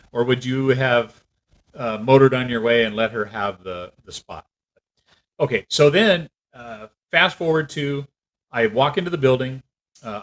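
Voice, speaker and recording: A man telling a story in a casual rant, animated and acting out what other people said. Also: mid-range voice, poor audio. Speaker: vlogger.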